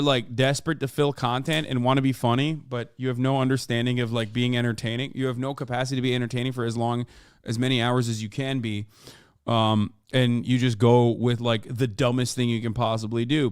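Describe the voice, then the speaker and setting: A man's voice: medium pitch, clean tone, no echo, studio quality. A man in his thirties, a streamer giving casual, profane live-stream commentary, ranting emphatically with plenty of fillers. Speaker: streamer reacting to a clip.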